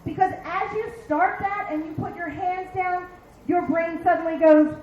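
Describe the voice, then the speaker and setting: A woman's voice: extremely high pitch, fairly even intonation, moderate pace, darkish tone, dull audio, slight background noise. A woman in her fifties from Philadelphia doing a stand-up comedy set on a bar stage, brash and profane with acted-out asides. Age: 50s. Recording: echoey bar room.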